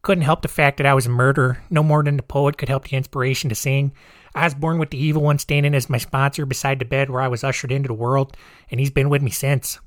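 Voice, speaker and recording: A man's voice: medium pitch, little pitch movement, fast, dry recording, lightly acted. Brief: man doing a grim confessing killer, Chicago accent, dry close sound. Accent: put-on Chicago accent. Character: condemned male murderer confessing, devilish.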